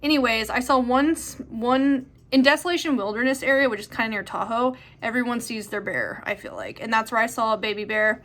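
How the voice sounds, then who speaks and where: A woman's voice: fairly high pitch, lively intonation, fairly quick, few pauses, fairly bright tone. A young woman answering viewer questions in a chatty, rambling way with lots of fillers. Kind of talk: casual chat.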